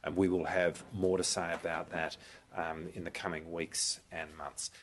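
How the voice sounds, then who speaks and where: A man giving a formal press statement as a government official, measured and pausing on "uh" fillers. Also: sits low, flat delivery.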